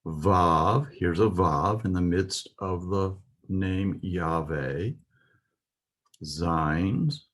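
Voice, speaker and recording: A man's voice: sits low, drawn-out words, fairly bright tone. A man teaching a Hebrew alphabet lesson, patiently explaining and pointing out letters.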